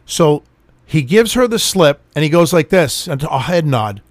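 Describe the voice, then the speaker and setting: Middle-aged man, crude storyteller, somewhat high voice, bouncy delivery. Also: unhurried, dry recording. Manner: animated, swears freely, acts out quotes. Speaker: storyteller on a chat show. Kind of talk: profane casual storytelling.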